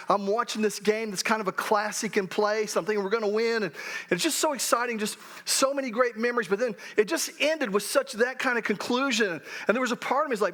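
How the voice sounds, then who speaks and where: An older man delivers a sermon in a loose, conversational way, doubling back on his words. His voice sits high for a man, and he jokes at his own expense. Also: fairly bright tone. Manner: conversational, self-deprecating humor, many restarts. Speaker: pastor.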